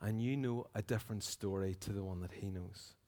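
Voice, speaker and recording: A man with a Northern Irish accent, a pastor preaching and reading a story aloud in an earnest, expressive way. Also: fairly low pitch, a little fast. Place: church.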